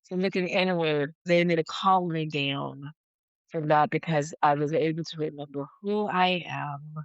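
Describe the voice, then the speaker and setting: A woman guest on a podcast, talking in a halting, reflective way and often repeating herself as she searches for words. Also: deep voice, fairly even intonation, dry recording, dull audio. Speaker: podcast guest, yoga teacher. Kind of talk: casual conversation.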